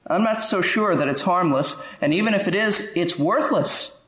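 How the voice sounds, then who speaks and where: A man's voice: high voice, normal speed, fairly bright tone, reverberant, low-quality recording. A man preaching an expository sermon in an earnest, conversational way, asking rhetorical questions. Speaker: pastor.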